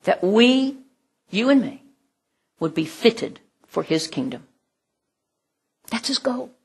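Woman preacher, breathy voice, unhurried delivery, earnest, soft near-whispers. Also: a little high, very animated. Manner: slow and earnest, drops to near whispers, laughs often. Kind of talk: sermon.

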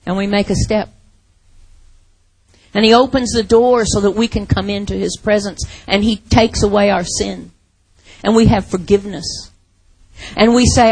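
A woman preaching a sermon, slow and dramatic, swinging from loud to whispered. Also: medium pitch, steady tone, husky, dry recording.

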